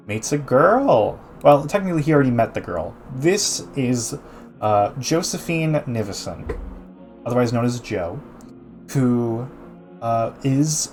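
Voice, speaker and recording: A man streaming a casual art gallery talk, chatty, with many restarts, answering his chat. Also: mid-range voice. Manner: chatty, frequent restarts and fillers, laughs easily, reads chat aloud.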